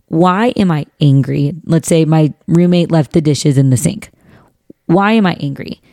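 A woman's voice: lowish voice, no room sound, studio quality. A young adult woman, co-hosting a casual faith podcast and giving encouraging, personal examples. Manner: warm encouraging, says "y'all", gives personal examples. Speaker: podcast co-host.

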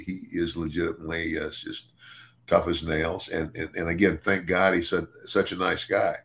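An older man chats casually on a podcast in a low, gravelly voice. He keeps restarting and repeating words as he talks. The tone stays easygoing and conversational. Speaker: podcast co-host and former wrestler.

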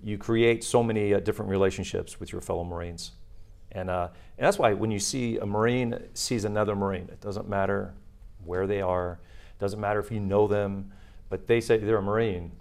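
A man's voice: on the low side, steady tone, a little fast, vocal fry, darkish tone. A middle-aged man, a retired Marine, talking casually in an interview with many fillers and restarts.

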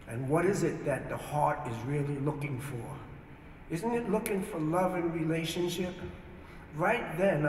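A man giving a personal testimony, telling his story in an animated way and acting out the voices in it. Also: on the high side, slight background noise. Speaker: testimony speaker in a played video. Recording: video played in an echoey hall, heard from far off.

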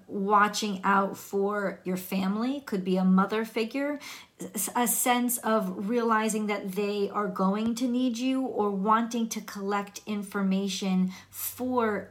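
A woman doing a tarot reading in a chatty, casual way, laughing often and restarting her sentences. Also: medium pitch. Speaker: tarot reader.

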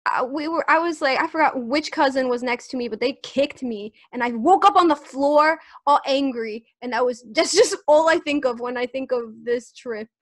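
A young woman with a high voice co-hosting a podcast, recorded dry and close. She chats casually and gets emotional easily, with a giggly edge. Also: no echo. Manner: giggly and emotional, quick to tear up. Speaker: podcast co-host. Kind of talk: casual chat.

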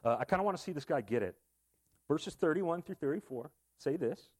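A young man delivers a sermon in a loose, conversational style. His voice sits a little high for a man, and he keeps checking in with his listeners through quick rhetorical questions. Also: lively intonation. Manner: casual, conversational preaching with asides and rhetorical questions. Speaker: pastor.

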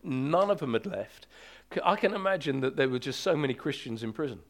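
A man preaching a sermon as pastor, emphatic and urgent, slowing to draw out key words for weight. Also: medium pitch, lively intonation.

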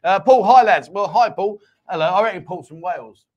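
A man's voice: high-pitched, fairly quick, a little mellow, lo-fi sound. A man hosting a casual live-stream chat show, teasing his co-host and reading viewer comments aloud.

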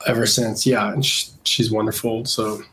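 Congested guy from canada chatting in an interview, kinda halting, lots of fillers. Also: on the low side, noisy background. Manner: relaxed, hesitant with many fillers. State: congested from a cold. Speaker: illustrator guest. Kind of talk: casual interview chat.

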